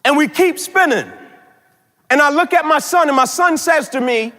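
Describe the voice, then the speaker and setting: High-voiced guy giving a motivational speech, big and loud then quiet, lots of hall echo. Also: normal speed. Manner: swings from loud emphatic peaks to hushed low tones. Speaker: motivational keynote speaker. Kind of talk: dramatic storytelling speech.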